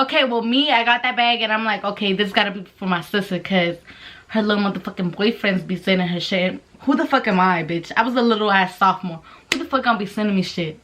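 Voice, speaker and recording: A young woman telling a story casually to the camera, swearing constantly and acting out voices with animated energy. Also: medium pitch, fast talker. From Mexican-American. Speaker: vlogger.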